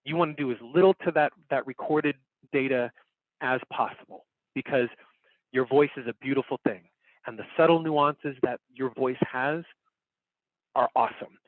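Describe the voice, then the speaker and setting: A man's voice: mid-range voice, moderate pace. A man runs an online workshop from a home recording setup, explaining step by step and coming back to his main points. His voice sits in a middle range, and the call audio is narrow and phone-like. The sound is dry with no room echo. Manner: casual, upbeat, talks while demonstrating on screen. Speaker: workshop instructor. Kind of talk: online class teaching.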